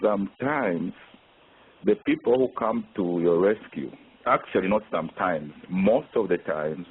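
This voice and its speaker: A man's voice: sits low, lively intonation, unhurried, breathy edge. A man on a radio panel, thoughtful and searching for words. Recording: tinny phone-like line.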